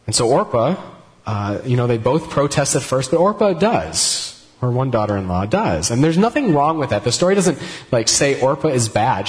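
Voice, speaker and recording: A man retells a scripture story to his listeners in a relaxed, conversational way. His voice sits in a middle register but swings widely up and down as he acts out what the characters say. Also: medium pitch. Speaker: Bible teacher. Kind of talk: casual Bible teaching.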